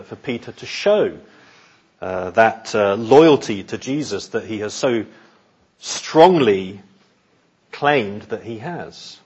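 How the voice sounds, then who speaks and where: A man preaching an expository sermon in an earnest, measured way, often repeating words as he thinks. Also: mid-range voice, husky, lo-fi sound.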